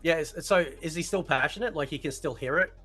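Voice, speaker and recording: A man chats with energy and swears casually. His voice is bright and a little high. Faint music sits underneath. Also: a little fast, husky. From Australia. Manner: animated, swears freely. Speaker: podcast guest. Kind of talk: casual live-stream chat.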